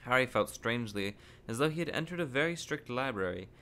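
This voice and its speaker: A man hosting a podcast, reading a children's novel aloud from a living room in steady, unhurried storytelling with small stumbles. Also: mid-range voice.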